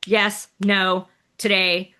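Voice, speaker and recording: A woman speaks as a podcast guest, her voice bright and forward. She talks candidly and reflectively in a relaxed conversational way, often laughing at her own stories. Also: mid-range voice, extremely slow, clear, resonant tone. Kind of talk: conversational interview.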